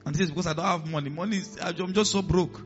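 In a church hall before a congregation, a pastor preaches quickly in a high voice with fairly even intonation, over soft background music on lo-fi audio. He acts out voices in his stories and drops to a hiss when giving commands.

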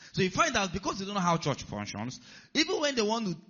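A man preaching a sermon, animated and putting rhetorical questions to his listeners. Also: sits high, fast talker, husky, lo-fi sound.

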